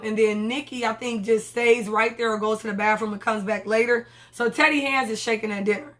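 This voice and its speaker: A young woman casually recapping a TV episode, swearing freely and acting out the characters' lines. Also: a little high. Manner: animated, profane, acts out characters' lines. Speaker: TV episode reviewer.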